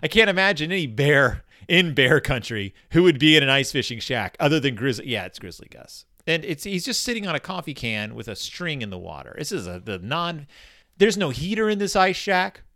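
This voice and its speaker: A man riffing through a comedic book commentary, with a lively voice that swings high and low. His tone is bright and sharp, and his jokes keep spinning off into sarcastic tangents. The sound is dry and close. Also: fairly quick, no room sound. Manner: joking, rambling tangents; sarcastic, animated.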